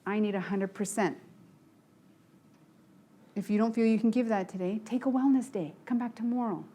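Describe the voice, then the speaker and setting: A woman's voice: mid-range voice, normal speed, slightly rough. A middle-aged woman giving a motivational leadership talk to a live group, telling stories frankly and acting out the dialogue. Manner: lively, frank storytelling with acted-out dialogue. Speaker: leadership speaker.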